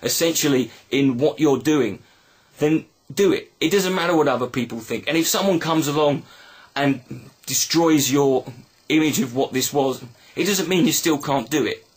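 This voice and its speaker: A man telling a personal story in a reflective video monologue, halting and earnest with many restarts. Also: a little high, husky. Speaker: video blogger.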